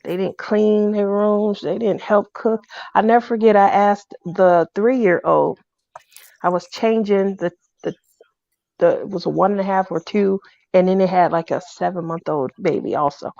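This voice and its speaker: A woman telling a personal story in a casual, animated way. She acts out the people she quotes in a loud voice. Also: mid-range voice, moderate pace, vocal fry, dry recording. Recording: dull, dry lo-fi recording.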